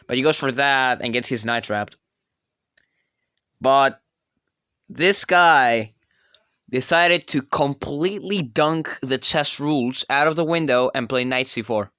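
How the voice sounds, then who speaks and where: A man's voice: mid-range voice, slow pace, pauses often, pushed and bright, smooth, no echo, clean studio sound. A man giving casual, rambling commentary over his own chess games, often stopping to correct himself. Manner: rambling, self-correcting, filler-heavy. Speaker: chess channel creator.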